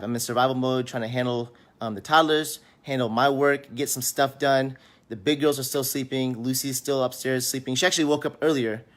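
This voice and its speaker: A man's voice: medium pitch, fairly bright tone. A man talking candidly in a personal vlog, sitting on a couch at home, in a raw, rambling, emotional way. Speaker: vlog host.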